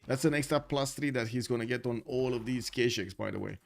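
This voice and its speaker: A man's voice: mid-range voice, a little fast, creaky. Chatty man casting a strategy game. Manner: chatty, thinks aloud, many fillers. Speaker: esports caster. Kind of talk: live game commentary.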